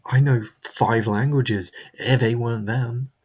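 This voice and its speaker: A man's voice: mid-range voice, fairly even intonation, a little slow, darkish tone, husky. A man delivering a comedic character monologue, rambling and stammering, repeating himself as he justifies himself.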